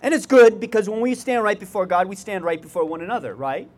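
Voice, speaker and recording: A pastor with a high-pitched voice and a fast delivery preaches to his congregation conversationally, sprinkling in folksy asides and putting questions directly to his listeners.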